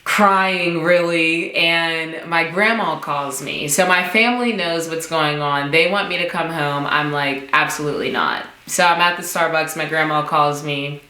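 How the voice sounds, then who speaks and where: A young woman in her twenties telling a casual storytime vlog, acting out quoted dialogue with sudden jumps up in pitch. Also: measured pace, hardly any pauses, bright, forceful tone. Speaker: vlogger. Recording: echoey room.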